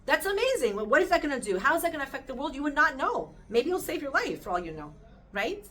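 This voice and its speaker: Bright-voiced woman teaching Torah. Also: sits high, fast talker. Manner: earnest and animated, weaving in Hebrew terms; speaks directly to listeners with questions. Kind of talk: weekly Torah portion talk.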